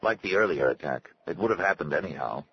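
A man narrating a story in a measured, scripted reading style. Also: low-pitched, animated, breathy edge, dull audio. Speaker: audiobook narrator.

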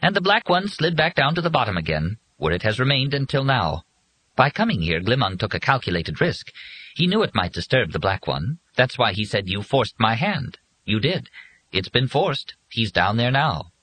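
A man narrating a storybook and voicing a dutiful male robot servant who speaks formally and calmly in a husky voice. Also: mid-range voice, moderate pace, voice pushed up, heavily acted, poor audio. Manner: formal, calm and explanatory.

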